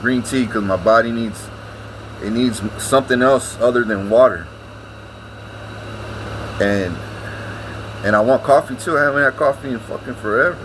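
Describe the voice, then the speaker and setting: A man's voice: mid-range voice, normal speed, long pauses, fairly bright tone, a little hiss or hum, rough recording. Profane, rambling man. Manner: profane, rambling, repeats himself. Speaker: vlogger. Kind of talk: casual ranting monologue.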